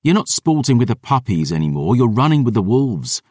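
A man's voice: medium pitch, very animated, a little fast, darkish tone, no room sound, studio quality, voice pushed up. A man voicing a weary, hard-drinking veteran warrior who talks bluntly and swears. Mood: stern. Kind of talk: audiobook character voice.

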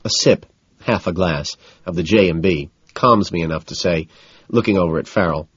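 Low, husky male audiobook narrator. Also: normal speed, no room sound, muffled recording. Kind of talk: first-person novel narration.

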